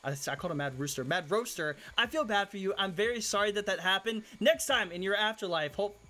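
A high-pitched man narrates his own gameplay, muttering low one moment and shouting at players the next. Clear background noise and game clicks sit under his voice. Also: quick pace. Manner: animated, swings between low muttering and loud shouts at players. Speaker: gaming YouTuber hosting hide and seek. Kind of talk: excited gameplay commentary.

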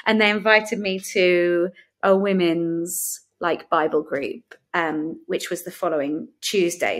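A woman, a podcast guest giving a frank, lively personal testimony in conversation and acting out the people she quotes. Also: lowish voice. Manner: frank, lively storyteller who acts out quotes.

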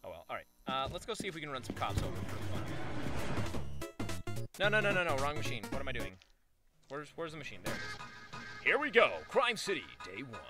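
Chatty man over loud game music. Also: a little high, sing-song, a little fast, pauses often. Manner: chatty, self-mocking, trash-talks the game. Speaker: gaming video creator. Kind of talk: casual let's-play commentary.

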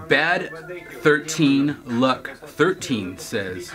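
A man's voice: mid-range voice, expressive, a little slow, over music. A man hosting his own video, reading viewer comments aloud and answering with wisecracks and laughs. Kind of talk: casual chat.

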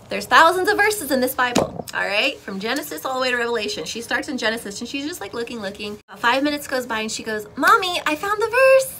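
Fervent young woman, bright voice. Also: on the high side, creaky, slight background noise. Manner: earnest, fervent, swings from hushed to loud and pleading. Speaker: Christian content creator. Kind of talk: emotional testimony to camera.

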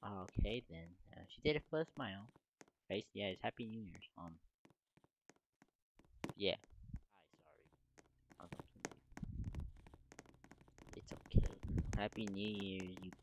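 A teenage boy giving casual, rambling gameplay commentary, with sudden loud outbursts and voice cracks. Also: fairly low pitch, takes it slowly, pauses often. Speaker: gaming video creator. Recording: noisy home mic recording.

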